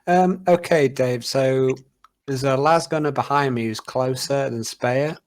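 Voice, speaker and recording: A man's voice: mid-range voice, measured pace. A man playing a tabletop game, talking casually and hesitantly with many fillers. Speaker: player.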